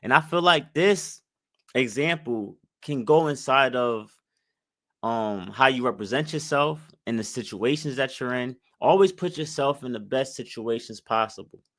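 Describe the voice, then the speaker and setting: A man's voice: mid-range voice, measured pace, fairly bright tone, dry recording, clean studio sound. A man hosting his channel, reacting to an interview clip in a loose, reflective way, with lots of fillers. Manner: loose, reflective, full of fillers like "like" and "mind you". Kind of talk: commentary on a video.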